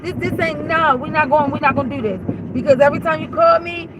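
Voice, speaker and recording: A woman's voice: high voice, quick pace, background noise. A mother telling her viewers a story in a heated, blunt way, swearing freely as she retells a conversation. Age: adult. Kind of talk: casual storytime rant.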